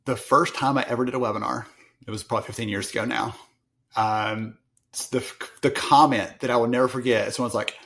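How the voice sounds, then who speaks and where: Southern US man, podcast guest, lively anecdotal delivery with quoted voices. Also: mid-range voice, fairly quick, vocal fry. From Alabama, US. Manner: animated storyteller, acts out quoted voices. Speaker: podcast guest, research analyst. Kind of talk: casual interview chat.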